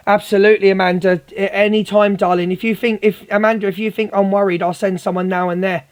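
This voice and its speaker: A man with a high, level voice speaks fast while hosting a livestream. His heated rant is aimed confrontationally at a female viewer, whom he repeatedly calls darling.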